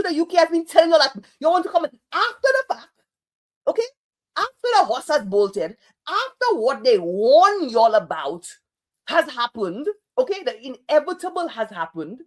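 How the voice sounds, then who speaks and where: A Saint Lucian woman delivering political commentary online, scolding and sarcastic. Her voice sits a little high and swings widely in pitch as she presses each point. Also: big pitch swings, normal speed.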